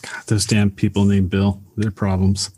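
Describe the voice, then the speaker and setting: A man's voice: lowish voice, completely flat delivery, moderate pace, darkish tone, slight background noise. A man co-hosting a movie podcast in casual chat, easygoing as he steers the talk between segments. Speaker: podcast co-host.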